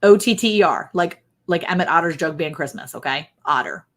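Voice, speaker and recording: A woman with a fairly low voice hosts a relaxed livestream chat. She runs a guessing game, quizzes her co-host and reads out what viewers write. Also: fairly quick. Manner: quizzing a co-host and reading viewer comments aloud.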